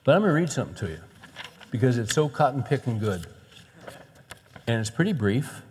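A man's voice: mid-range voice, big pitch swings, brisk, a little mellow, a little hiss or hum. A man preaching a sermon as a pastor, earnest and conversational, telling stories and asking rhetorical questions. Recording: long hall reverb.

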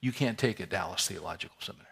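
A man's voice: low voice, racing, vocal fry, sharp tone, slightly rough. A man preaching, telling a personal story candidly and conversationally, with wry humor.

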